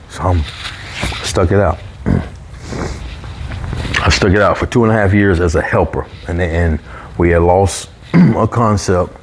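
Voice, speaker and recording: A man with a fairly low voice tells a personal story in a relaxed, conversational way. He gets animated and jumps up high when he quotes other people. A faint hum sits behind him. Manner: animated, raises pitch when quoting coworkers. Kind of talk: casual storytelling.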